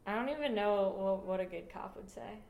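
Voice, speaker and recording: A woman co-hosting a podcast in casual chat, playful and quick to laugh. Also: mid-range voice, vocal fry, muffled recording. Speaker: podcast co-host. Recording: echoey room.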